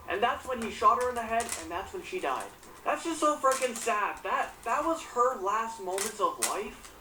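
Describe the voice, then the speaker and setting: A woman with a fairly bright, higher-pitched voice recounts a news story, reacting indignantly and swearing often as a commentator. She's off-mic and distant, with roomy echo and a faint hum in the recording.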